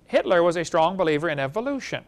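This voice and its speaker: Lecturing at a creation seminar before a live audience, this man speaks fast in a fairly high voice near the top of the male range. He stays animated, frequently turning to listeners with rhetorical questions.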